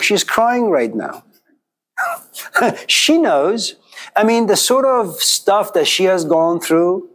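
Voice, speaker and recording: Middle-aged male lecturer, slightly high voice, chatty classroom storyteller. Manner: conversational, animated storytelling with quoted voices. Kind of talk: informal philosophy lecture to a class.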